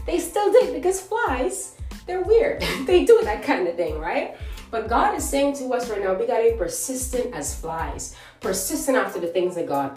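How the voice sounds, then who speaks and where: Animated woman preaching in a roomy space. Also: mid-range voice, far from the mic. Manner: animated, emphatic and conversational. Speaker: devotional podcast host. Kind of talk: casual devotional talk.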